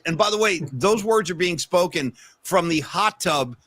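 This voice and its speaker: A man hosting a casual sports podcast, joking and lively. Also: high voice, moderate pace, no echo. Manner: lively, animated, jokey. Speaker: podcast host.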